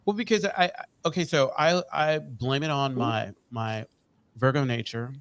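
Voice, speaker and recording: A man's voice: medium pitch, normal speed, a bit bright, smooth. A playful man co-hosting a podcast, chatting loosely and laughing at himself. His voice sits mid-range. The sound is dry and close to the mic, with no room echo. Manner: playful, laughing, self-deprecating. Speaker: podcast co-host. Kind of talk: casual chat.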